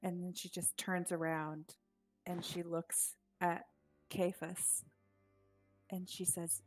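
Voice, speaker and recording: Slow-talking woman playing a tabletop game. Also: fairly low pitch, little pitch movement, faint music behind, rough recording. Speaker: player. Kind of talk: casual chat at a tabletop game.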